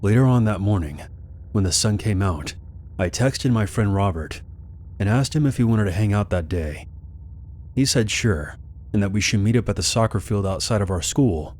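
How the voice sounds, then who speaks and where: A man with a low, deep voice reads a horror story aloud. His delivery is calm and steady, like scripted narration for a scary story channel. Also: moderate pace, slight background noise.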